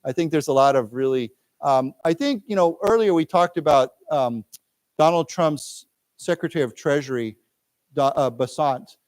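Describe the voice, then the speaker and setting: This English teacher, an American man, reads news phrases slowly so his class in a library lecture room can repeat them, explaining words with patience. His pitch is fairly high and his tone darkish.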